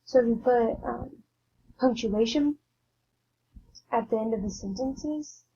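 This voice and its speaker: A woman's voice: fairly high pitch, slow, dark tone, husky. A woman giving a mock classroom lesson as a teacher, talking casually with many filler words. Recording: dull lo-fi with faint ambience.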